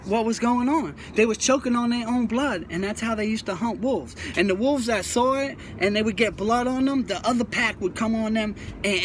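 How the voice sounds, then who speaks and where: A man with an extremely high voice hosts his own YouTube channel about prison life, giving earnest, preachy advice to young viewers in a casual monologue. He repeats himself and often stumbles and restarts, and there's a slight hiss or hum in the audio.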